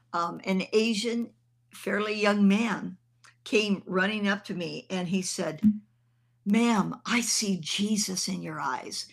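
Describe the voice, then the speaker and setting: A woman's voice: mid-range voice, vocal fry. An older woman minister telling a personal testimony in an earnest, conversational way. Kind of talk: testimony storytelling.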